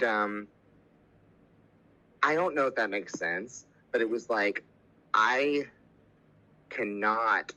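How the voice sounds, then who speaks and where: A man's voice: lowish voice, bright, forceful tone, low-quality recording. A man, a podcast guest, telling a candid personal story with emotion, swearing and acting out what others said.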